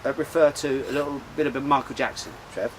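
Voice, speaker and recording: A man's voice: medium pitch, quick pace, slight background noise, low-quality recording. A man hosting a casual beer show outdoors, talking in a rambling, chatty way with lots of fillers and restarts. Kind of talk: casual chat about beer. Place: outdoors in sunshine.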